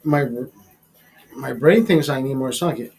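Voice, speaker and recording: A man's voice: medium pitch, slow pace, a little mellow, faint music behind. A man hosting a livestream in casual, crude chat, profane and rambling, often laughing. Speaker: livestream host.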